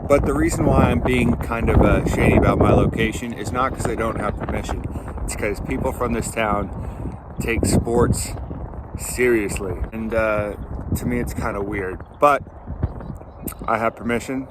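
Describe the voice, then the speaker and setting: A man's voice: on the low side, steady tone. A young man from Maine talking casually to camera while metal detecting outdoors, rambling and restarting his sentences. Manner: rambling, chatty, halting restarts. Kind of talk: casual outdoor vlog narration. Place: outdoors in a cold field. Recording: outdoor wind and ambient noise.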